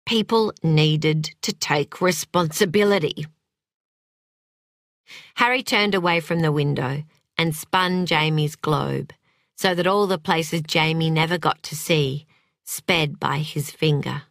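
A woman narrating a novel with an expressive, dramatic delivery. Her voice is bright and forceful, and she reads at an unhurried pace. The close studio recording is completely dry. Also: sits low, no echo. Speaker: audiobook narrator. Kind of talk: scripted narration.

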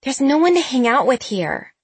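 A woman's voice: high voice, big pitch swings, moderate pace, breathy edge, dry recording, voice pushed up, heavily acted. A moody teenage girl grumbles in a raised, complaining voice, put on by a woman narrating an audiobook. She sounds petulant and bored. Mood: sulky.

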